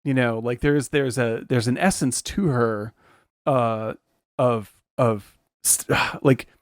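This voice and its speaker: A man co-hosting a film podcast, thinking out loud with frequent fillers and restarts. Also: mid-range voice, slow, no room sound, studio quality. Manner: searching for words, many restarts and fillers. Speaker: podcast co-host. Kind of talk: casual film discussion.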